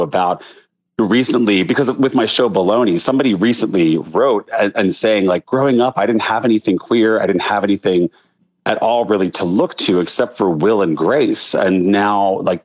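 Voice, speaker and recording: A man in his thirties from outside Philadelphia, a podcast guest telling animated stories with lots of fillers. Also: fairly low pitch. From outside Philadelphia, Delaware County. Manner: chatty, animated storytelling with many fillers. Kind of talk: casual podcast chat. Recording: slightly dull, lo-fi sound.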